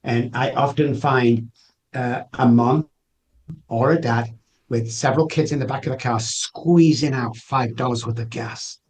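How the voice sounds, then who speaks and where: A man's voice: mid-range voice, fairly even intonation, measured pace. A man guesting on a podcast, telling personal stories earnestly and acting out past conversations. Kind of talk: emotional personal storytelling.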